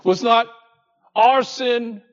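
Deliberate high-voiced male preacher. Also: highs cut off. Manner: deliberate, swings between hushed low tones and raised emphatic lines. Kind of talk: expository sermon.

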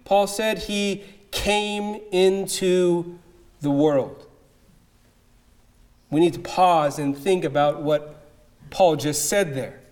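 Male preacher, slow and emphatic delivery with long pauses. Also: high voice, a little mellow. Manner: emphatic, measured, with dramatic pauses. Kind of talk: expository sermon.

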